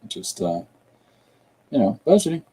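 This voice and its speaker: A man's voice: medium pitch, very animated, a little slow, dark tone, a little hiss or hum, low-quality recording. A man streaming a comic drawing tutorial, rambling casually and chatting with viewers and a pet as he draws.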